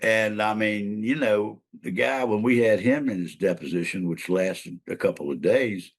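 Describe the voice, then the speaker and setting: A man's voice: fairly low pitch, normal speed. An older man, a trial lawyer and mediator, telling a long case story in a casual interview, rambling with fillers and restarts.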